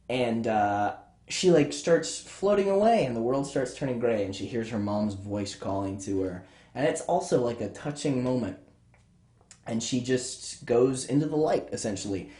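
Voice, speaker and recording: A man's voice: medium pitch, darkish tone. A young man recapping a children's horror book for laughs, rambling, sarcastic and swearing freely. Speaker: podcast host. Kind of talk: profane comedic book recap. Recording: roomy echo.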